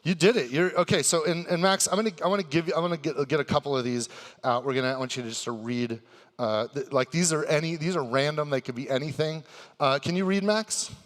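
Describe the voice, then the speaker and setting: Man, convention stage host, hype-building, excitable, shouty bursts, tense bright tone. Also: fairly high pitch, quick pace, big-room sound. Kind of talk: live stage hosting for a crowd. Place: convention stage before a live audience.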